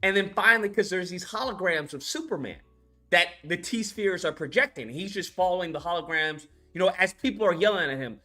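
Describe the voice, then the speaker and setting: A man reviewing a film in a casual rant, animated and profane, laughing as he recaps scenes. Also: sits high, brisk, soft background music.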